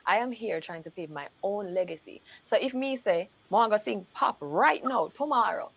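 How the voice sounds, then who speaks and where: A woman's voice: medium pitch, lively intonation, normal speed, gravelly, breathy edge, highs cut off. A Jamaican woman being interviewed as a singer, answering firmly and slipping into patois. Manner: firm, self-assured, slips into patois. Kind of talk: interview conversation.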